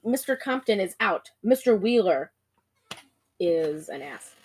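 Animated giggly young woman. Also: mid-range voice, husky. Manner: giggly, rapid-fire, animated storytelling. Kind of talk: casual chat recapping a movie.

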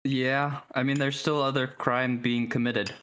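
A man narrating a tabletop game as game master, relaxed and descriptive. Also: mid-range voice, unhurried, smooth.

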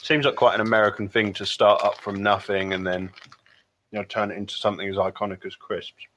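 A man's voice: lowish voice, fairly even intonation, a little fast, fairly bright tone, slight background noise. A man co-hosting a casual comedy podcast, dry and sardonic. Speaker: podcast co-host.

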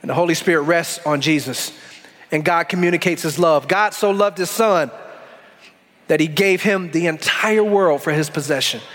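A pastor with a high voice preaches to his congregation in a church sanctuary. He slows down on key phrases and then surges forward in quick bursts. His voice rings out with a long hall echo. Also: a bit bright. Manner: preaching with dramatic slow-downs and bursts. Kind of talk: sermon.

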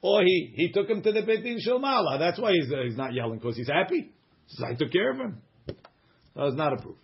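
A man's voice: on the high side, expressive, fairly quick, husky, muffled recording. A man teaching a Gemara class, reading the text aloud and translating it with joking asides. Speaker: Talmud teacher.

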